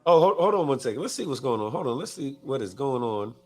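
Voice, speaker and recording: A man's voice: medium pitch, sing-song, fast, a little mellow. A man hosting a live talk show in casual chat, reading viewer comments aloud and often stumbling and restarting his words. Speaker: podcast host.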